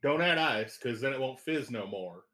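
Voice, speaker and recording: Southern good ol' boy, a man doing the voice, stammering, deadpan, mid-pitched. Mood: deadpan folksy. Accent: put-on Southern US. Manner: stammering, repeats words, drawn-out and deadpan. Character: folksy rambling Southern man giving bad recipes. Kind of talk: comedic improv on a remote podcast.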